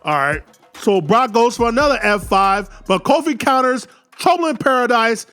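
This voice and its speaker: A man excitedly retelling an imagined wrestling match play by play, calling out the moves and the pin counts. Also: extremely high pitch. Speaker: YouTube wrestling commentator.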